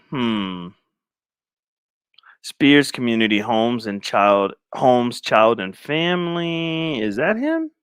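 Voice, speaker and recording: A man's voice: mid-range voice, clear, resonant tone, dry recording, studio quality. A man hosting a casual livestream, rambling and distracted as he talks to viewers in chat. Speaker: livestream host.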